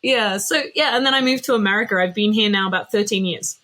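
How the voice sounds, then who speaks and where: A woman's voice: mid-range voice, quick pace, pushed and bright, a little hiss or hum. A middle-aged woman with an Australian accent, talking as a podcast guest in a reflective way with frequent hesitations. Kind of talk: casual interview chat.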